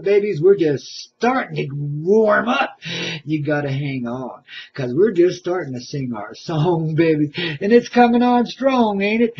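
An older man hosting a comic radio show, hip and jokey, calling his listeners baby and a little out of breath. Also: sits high. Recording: dull lo-fi recording.

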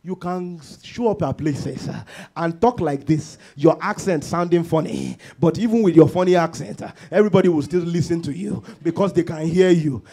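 A man preaching a church sermon, moving from calm teaching into shouted, sing-song declarations. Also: fairly high pitch, moderate pace, creaky, hardly any pauses. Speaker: pastor. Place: church service.

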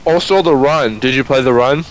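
A man's voice: mid-range voice, normal speed, low-quality recording. A young man chatting casually while playing a co-op shooter, joking and rambling with frequent restarts. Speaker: gameplay commentator. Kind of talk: casual co-op gaming chat. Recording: game music playing under voice.

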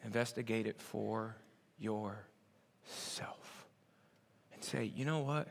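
A man preaching a sermon, swinging from loud emphatic bursts to low, quiet asides. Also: normal speed, vocal fry, long reverb tail. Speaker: pastor.

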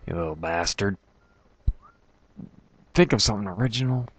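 A man's voice: on the low side, lively intonation, normal speed, no room sound. A man commentating his gameplay, sarcastic and frustrated, swearing at the game's maker. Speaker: let's play commentator. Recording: dry, dull lo-fi mic.

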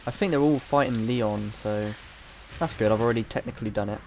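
A man's voice: mid-range voice, fairly quick, a little mellow, slight background noise. A young man, a bit ill, chatting and rambling distractedly as he comments on his gameplay. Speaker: gamer. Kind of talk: let's play commentary.

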